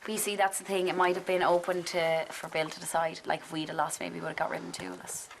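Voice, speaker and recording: A woman's voice: lowish voice, flat delivery, fast, gravelly, slight background noise, rough recording. A young woman on a reality show, thinking aloud in casual chat.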